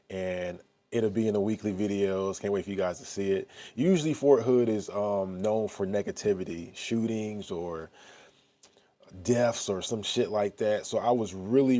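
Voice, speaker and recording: A man's voice: fairly low pitch, mellow. A man in his thirties talking candidly to his viewers, rambling and blunt, swearing and often asking "you know what I'm saying.". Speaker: vlogger. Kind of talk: casual talk to camera.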